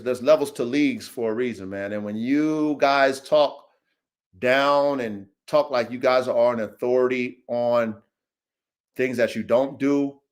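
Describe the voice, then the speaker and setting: A man hosting a dog podcast livestream, delivering a heated, profane rant with repeated callouts. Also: medium pitch. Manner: fiery, repetitive, swears a lot, keeps saying "O G". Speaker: dog breeder and podcast host. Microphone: livestream mic.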